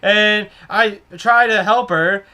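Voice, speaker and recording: Excitable young man with a bright voice. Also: high-pitched, slow. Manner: excitable, exaggerated, rambling. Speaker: comedic vlogger playing a cashier. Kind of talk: comedic storytelling monologue.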